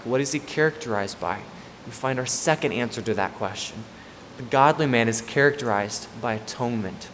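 Male preacher, emphatic and repetitive, long hall reverb with faint room hiss. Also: mid-range voice. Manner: emphatic, repeats key points. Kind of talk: expository sermon.

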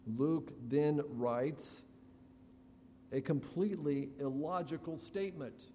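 A man preaching an expository sermon to his congregation, slow and deliberate with dramatic pauses. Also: mid-range voice, warm tone. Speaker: pastor. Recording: reverberant hall, faint room noise.

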